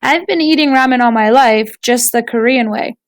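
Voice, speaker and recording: A bubbly, warm-hearted young woman customer chats in a raised, upbeat voice, as a woman reading a storybook puts her on. The delivery is cheerful and talkative. The sound is dry and close. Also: a little high, normal speed, no echo, natural voice. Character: friendly young Korean American woman customer.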